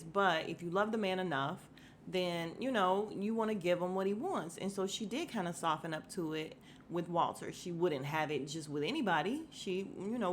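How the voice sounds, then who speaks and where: A woman's voice: lowish voice, slight background noise. A woman hosting a podcast, chatting casually and gossiping through a reality show recap, talking to her listeners with fillers and asides. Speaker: podcast host.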